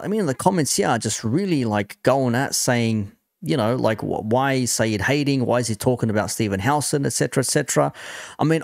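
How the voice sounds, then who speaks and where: A man's voice: mid-range voice, darkish tone, no room sound, studio quality. A man hosting a reaction channel, talking casually and with amusement about football fan clips. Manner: conversational, amused, quick asides.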